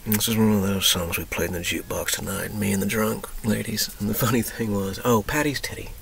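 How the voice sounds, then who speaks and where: A man from Texas talking through his memories in a rambling personal monologue, emotional and profane, drifting from loud outbursts into whispers. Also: on the low side, fairly even intonation, fairly quick, gravelly, a little hiss or hum, rough recording. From Texas, USA. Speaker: vlogger.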